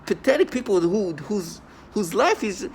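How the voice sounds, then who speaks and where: A defiant man talks straight to the camera from home, his somewhat high voice roughened by heavy gravel. He speaks with scorn, stumbling, restarting and repeating words as he goes. Traffic hums faintly in the background. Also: lively intonation, a little slow. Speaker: vlogger. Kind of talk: angry personal monologue to camera. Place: at home indoors.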